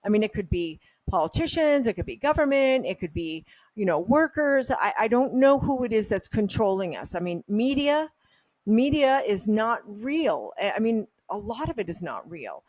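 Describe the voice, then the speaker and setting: Woman host, casual health vlog, candid, opinionated rambler, mid pitch, dry close sound. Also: sing-song, normal speed, a little mellow, dry recording. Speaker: health supplement brand host. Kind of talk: casual talking-head monologue.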